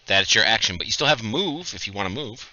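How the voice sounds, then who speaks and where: Bright-voiced joking game master. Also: male voice, fairly low pitch, lively intonation, no echo, dull audio. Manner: casual, joking, brisk instructions. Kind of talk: narrating a livestreamed tabletop game.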